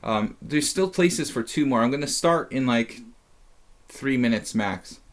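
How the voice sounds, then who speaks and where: A man's voice: medium pitch, expressive, unhurried. A tired man casually commentating his chess simul on a live stream, rambling and chatty with lots of fillers.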